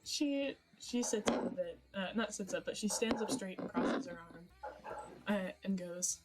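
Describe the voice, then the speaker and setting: A woman's voice: mid-range voice, animated, a little slow. A young woman narrating a tabletop fantasy game as game master, hesitant with many fillers and frequent giggles. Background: background music.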